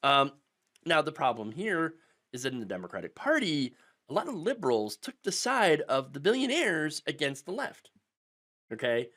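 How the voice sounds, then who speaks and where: A man hosts a political commentary show in a slightly high voice that swings widely in pitch. He talks sarcastically and with energy, checking in with "okay?" after nearly every point. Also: normal speed. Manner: animated and sarcastic, with constant "okay?" tags and mocking mimicry.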